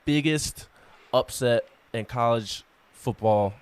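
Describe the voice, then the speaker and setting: A man's voice: medium pitch, takes it slowly, smooth, no room sound. A man co-hosting a casual sports talk show, stuttering on word starts as he works up his opinions.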